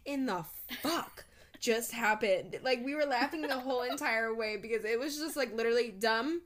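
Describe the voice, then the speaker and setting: A woman's voice: a little high, moderate pace, fairly bright tone. A young woman co-hosting a podcast, telling college stories bluntly with a lot of swearing and laughter. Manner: blunt and profane, laughing as she talks. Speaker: podcast co-host. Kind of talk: casual storytelling chat.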